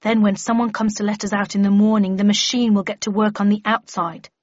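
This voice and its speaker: A woman's voice: medium pitch, little pitch movement, fairly quick, no echo, lightly acted. A woman voicing an earnest, fussy young male lab scientist who explains things carefully and matter-of-factly. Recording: slightly muffled lo-fi recording.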